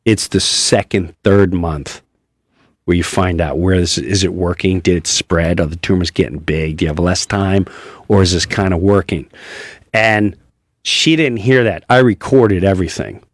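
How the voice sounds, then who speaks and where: A man's voice: deep voice, moderate pace, no room sound, clean studio sound. A man with a New York accent, a comedian guest telling a candid personal story on a talk show, earnest and swearing, acting out what others said in changed voices.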